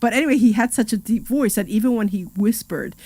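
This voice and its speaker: A woman's voice: fairly high pitch, a little fast, a little mellow, no room sound. A woman co-hosting a live finance radio show, telling rambling stories full of "you know" and "like" and laughing often. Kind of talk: casual radio chat.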